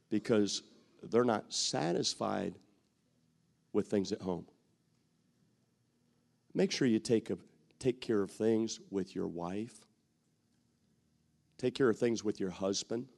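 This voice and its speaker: A man preaches a sermon, bantering with the congregation, repeating phrases for emphasis and occasionally shouting. His voice is on the low side and creaky, and he takes it slowly with long pauses.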